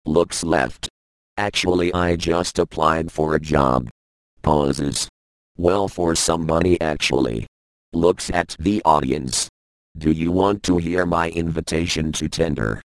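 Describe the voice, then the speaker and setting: Deadpan man, very low and unhurried, reads a comedy script with stage directions. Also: no echo. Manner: deadpan, dull delivery. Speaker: comedian reading a stand-up script. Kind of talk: scripted stand-up read aloud with stage directions.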